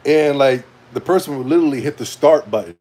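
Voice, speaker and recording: A young man in a casual rant to camera as a gaming commentator, animated and rambling, with slang and frequent laughs. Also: medium pitch, quick pace.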